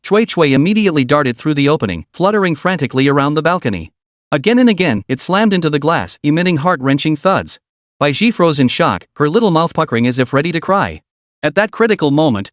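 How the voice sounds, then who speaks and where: A man narrating an audiobook story in an animated reading style. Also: on the high side, brisk, no echo, clean studio sound.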